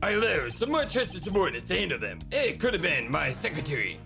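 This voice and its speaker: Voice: mid-range voice, sing-song, quick pace, creaky, music in the background. A game streamer voicing an arrogant foreign male ambassador with a put-on foreign accent, dismissive and haughty.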